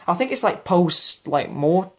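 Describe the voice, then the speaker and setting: A man vlogging a loose personal reflection, his voice sitting a little higher than most men's. He rambles, circles back, and leans on fillers and restarts, apologising now and then for forgetting details. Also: animated, unhurried. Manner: apologetic about memory slips. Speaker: music vlogger.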